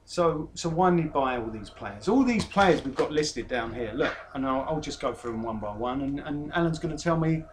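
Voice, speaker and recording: A man's voice: fairly high pitch, expressive, brisk, few pauses, slight background noise. A man hosting a casual football podcast, teasing his guest and reading out transfer news. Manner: jokey, teasing, reads out player news. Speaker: podcast host.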